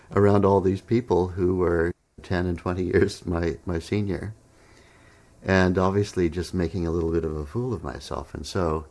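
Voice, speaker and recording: Deep-voiced man telling a funny story. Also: a little mellow. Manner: self-deprecating, acts out quoted dialogue, chuckles often. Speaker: meditation teacher telling a personal story. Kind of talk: storytelling monologue.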